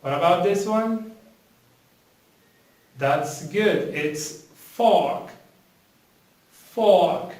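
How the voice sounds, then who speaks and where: A man teaching English, explaining slowly and deliberately, repeating words and quizzing the viewer. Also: high voice, darkish tone, far from the mic. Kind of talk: slow, deliberate classroom explanation. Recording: very echoey room, off-mic.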